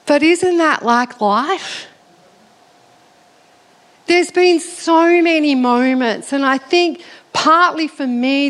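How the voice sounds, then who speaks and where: A middle-aged woman, telling a personal story in an animated, self-mocking way as part of her sermon. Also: sits high. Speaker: preacher.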